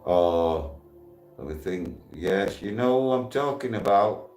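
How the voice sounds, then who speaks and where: Man, 60s, streamer; slow, heated, blunt delivery with swearing. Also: deep voice, lively intonation, a little mellow, soft background music. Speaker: live streamer. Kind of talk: casual live stream talk with shout-outs.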